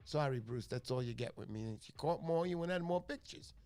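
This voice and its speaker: A man hosting a casual fishing livestream, chatty and excitable, thanking viewers by name. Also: on the high side, fast talker. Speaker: livestream host.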